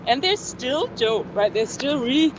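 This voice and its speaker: Woman streaming her workout outside, higher voice, chatting n counting reps, bit of street noise behind. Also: expressive, normal speed. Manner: chatty, reads viewer comments aloud between sets; counts exercise reps, winded. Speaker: fitness vlogger. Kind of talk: casual live-stream workout chat. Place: outdoors in a city. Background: faint traffic and street noise.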